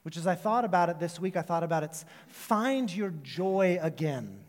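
Male pastor, high voice, preaching in a church with long hall reverb, chatty storyteller. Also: lively intonation. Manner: storytelling, conversational with quick asides. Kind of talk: sermon.

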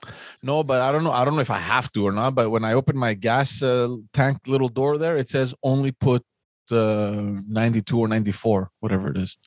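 A man's voice: mid-range voice, brisk, dry recording, clean studio sound. A man co-hosting a podcast, rambling casually with lots of hesitations. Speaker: podcast co-host. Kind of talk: casual chat.

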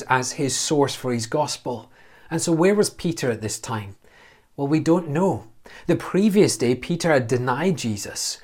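A man giving a verse-by-verse Bible teaching, earnest and explanatory, asking questions and answering them himself. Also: mid-range voice.

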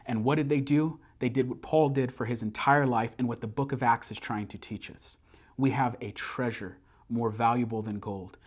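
Earnest man preaching a sermon. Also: medium pitch. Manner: earnest, builds to emphatic repeated phrases; slows down to recite a memorized creed. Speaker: pastor.

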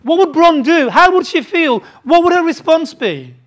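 A preacher gives a sermon at a moderate pace, his pitch lively as it rises and falls. He drives his points home emphatically with rhetorical questions, swinging between loud outbursts and hushed asides.

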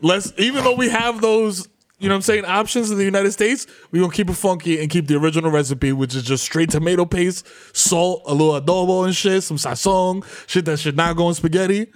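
A man's voice: high-pitched, brisk. A man co-hosting a casual comedy podcast, telling stories in loose slang. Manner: laughing, loose slangy storytelling. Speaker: podcast co-host.

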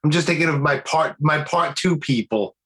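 A man with a Brooklyn accent hosting a podcast, chatting casually like an excited fan and swearing freely. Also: a little high, normal speed. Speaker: podcast host. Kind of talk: casual interview.

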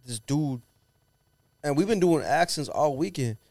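A man's voice: a little high, expressive, measured pace, a little mellow, dry recording. A man telling stories in a casual, profane, slang-heavy chat as a podcast co-host.

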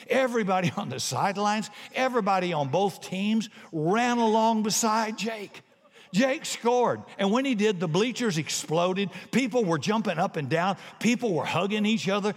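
A man preaching a sermon, telling a story and swinging between hushed moments and shouts. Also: sits high. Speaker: pastor. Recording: long reverb of a large hall.

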